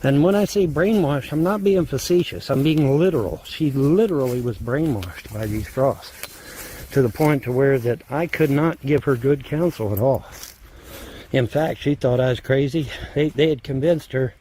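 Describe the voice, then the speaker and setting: Brief: man, mid-pitched, rambling outdoor phone narration, baby talk to pets. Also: moderate pace, warm tone, slight background noise. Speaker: man filming his property. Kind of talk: casual handheld video narration. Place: outdoors in the rain.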